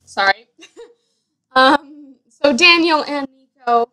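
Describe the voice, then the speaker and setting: A woman's voice: sits high, slow, pushed and bright, rough recording. A young woman giving casual, rambling commentary on her Sims family, full of fillers and self-corrections. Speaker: Sims player.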